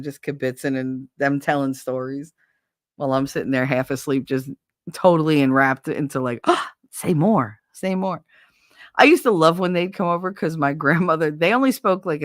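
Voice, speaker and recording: A woman's voice: deep voice, a little fast, dry recording, clean studio sound. A woman hosting a livestream, telling blunt, profane anecdotes with frequent laughter in casual chat. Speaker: livestream host.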